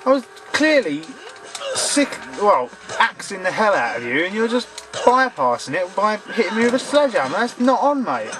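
A man giving gaming commentary, excitable and swearing jokingly at the game. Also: high voice, normal speed, low-quality recording. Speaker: let's play gamer.

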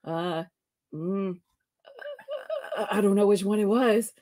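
A woman's voice: medium pitch, takes it slowly, dark tone. A woman co-hosting a live comics talk stream, giggly and chatty as she reads out viewer messages. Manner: giggly, reads chat aloud, often trails off. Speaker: co-host of a live comics show. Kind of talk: casual live-stream chat.

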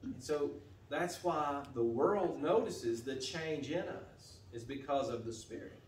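A man preaching a sermon as pastor, steady and earnest, often repeating and restarting phrases. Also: medium pitch, measured pace, a little hiss or hum. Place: church sanctuary. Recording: echoey church from a distance.

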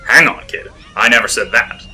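A man's voice: mid-range voice, normal speed, pushed and bright, faint music behind. A man voicing a wry, sarcastic middle-aged man in a spoken story, with a dry, teasing drawl. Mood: scoffing.

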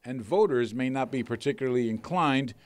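A man reporting a broadcast news story in a measured, slightly wry delivery. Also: mid-range voice.

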